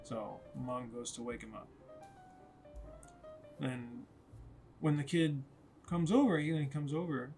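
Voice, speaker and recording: Rambling man casually retelling a story. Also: mid-range voice. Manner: rambling, conversational, self-correcting.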